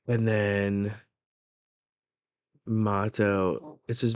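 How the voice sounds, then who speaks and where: A man hosting a manga reaction, reading the chapter aloud with low-key, muttered asides and casual swearing. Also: flat delivery, slow pace, long pauses, a little mellow, clean tone.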